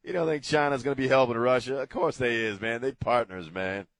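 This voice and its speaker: A man's voice: medium pitch, brisk, fairly bright tone, no echo. A middle-aged man hosting a casual talk radio show from a studio, rambling and joking off the cuff. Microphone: studio mic.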